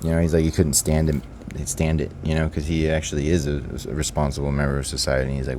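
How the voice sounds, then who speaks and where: A man's voice: extremely low pitch, level tone, fast talker, dark tone, a little hiss or hum. A young man ranting in a rambling, profane, exasperated way as host of his own motorcycle vlog. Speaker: motovlog host.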